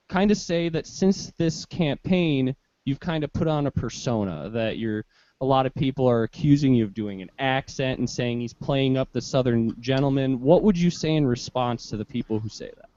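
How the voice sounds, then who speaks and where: A man's voice: medium pitch, warm tone, dry recording. Male host, casual and talkative, dead-dry lo-fi sound. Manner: chatty, easygoing questioner. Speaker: show host. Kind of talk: casual talk-show chat.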